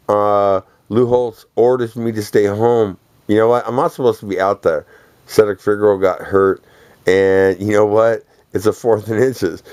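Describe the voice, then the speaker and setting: A man's voice: fairly low pitch, a little mellow, clear, resonant tone, no echo. A man delivering a rambling, profane, boastful monologue, laughing between phrases.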